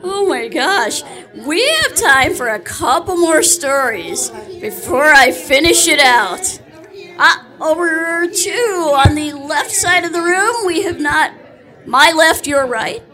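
A woman hosts a live storytelling event in an upbeat manner. Her voice is high and bright, and she talks slowly. Faint music sits behind her. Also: lively intonation. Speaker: event host.

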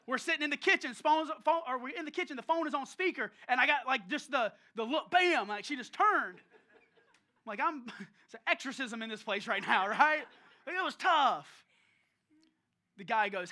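A man preaching as a pastor, telling a story in a lively, conversational way and calling out listeners by name. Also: extremely high pitch, moderate pace. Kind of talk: storytelling sermon. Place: church service.

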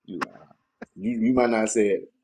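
A man's voice: on the low side, fairly even intonation, normal speed, dark tone, a little hiss or hum. A man co-hosting a casual podcast, teasing his co-host and pressing the same point over and over. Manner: teasing, repeats points insistently.

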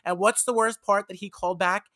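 Young woman spilling a story on a podcast, bright voice, dry close sound, jokes about herself a lot. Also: medium pitch, fairly quick, no echo. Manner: candid, self-deprecating, animated storyteller. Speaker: podcast guest telling a story. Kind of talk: casual storytelling chat.

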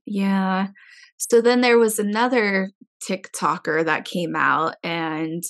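A young woman in casual chat, telling stories with a voice that swings up and down and turns shrill when excited. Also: takes it slowly.

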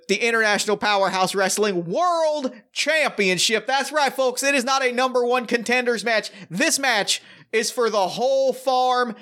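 A man voicing a folksy male cowboy wrestling promoter in a tabletop game, hyping up the crowd in a put-on Southern US drawl with a booming showman delivery. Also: sharp tone, heavily acted.

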